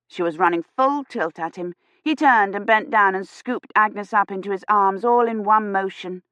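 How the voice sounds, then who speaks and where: A woman narrating an audiobook in a measured, even storytelling manner. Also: mid-range voice, dry recording, lo-fi sound. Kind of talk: scripted narration.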